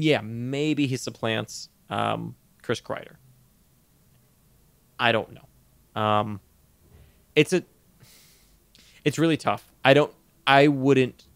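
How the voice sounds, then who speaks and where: A man talks casually as a podcast co-host, animated and quick to laugh, often stumbling over his words. His mid-pitched voice has a gravelly fry, and it sounds dry and close with no room behind it. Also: no room sound. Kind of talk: casual fantasy sports chat.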